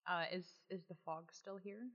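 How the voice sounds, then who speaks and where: A woman's voice: lowish voice, steady tone, moderate pace, fairly bright tone. A woman playing in a tabletop game, speaking hesitantly with stammering restarts. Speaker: player. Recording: muffled lo-fi audio.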